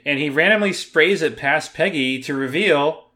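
A man co-hosting a podcast, recapping a TV episode in excitable, profane chat. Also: on the high side, moderate pace. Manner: excitable, profane, bursts into loud mock reactions. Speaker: podcast co-host.

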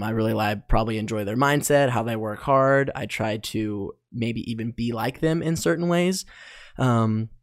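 A man's voice: medium pitch, no room sound, studio quality. A young adult man hosting his own podcast, talking casually in a loose, rambling way full of ums and likes. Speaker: podcast host. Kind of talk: casual solo podcast monologue.

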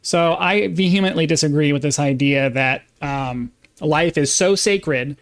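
Male podcast host, fairly high voice, insistent opinion rant. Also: unhurried, clean tone. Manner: emphatic, insistent, with frequent restarts. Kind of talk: opinion monologue.

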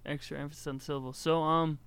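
A young man from Michigan co-hosting a casual interview, easygoing and quick to laugh. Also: a little high, little pitch movement, gravelly, fairly bright tone, a little hiss or hum. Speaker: co-host interviewer.

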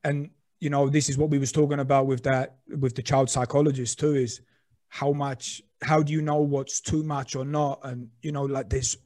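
A man's voice: medium pitch, little pitch movement, normal speed, a little mellow, no room sound. Man, casual podcast talk, reflective, swears casually, lots of fillers, dry close recording.

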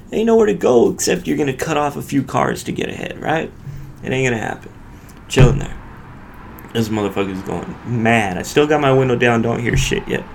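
A man's voice: mid-range voice, gravelly, a little hiss or hum. A male podcast host casually telling a profane road-rage story in loose street slang.

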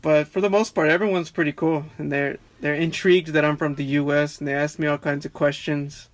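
A young man from Texas, a barber guest on a podcast, chatting in a relaxed, rambling way with many restarts. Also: fairly high pitch, a little fast, no echo. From Texas, USA. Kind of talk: casual conversation.

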